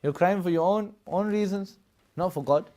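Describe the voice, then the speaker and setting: A religious studies teacher with a high, dark-toned voice speaks at a normal pace during a live classroom lesson. He explains at length, laughs often, and keeps checking in with his students by asking "Yes?" and "Yeah?"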